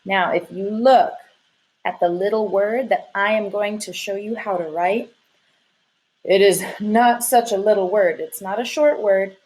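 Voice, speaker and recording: A woman's voice: mid-range voice, a little slow, darkish tone, low-quality recording. A woman teacher leading a lesson for young children, sing-song and encouraging, stretching her words out.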